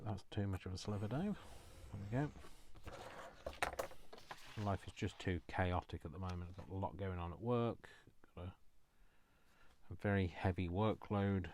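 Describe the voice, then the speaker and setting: A man's voice: low voice, a little mellow. A man chatting casually to viewers while crafting, self-deprecating and talking to himself as he works. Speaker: crafting vlogger.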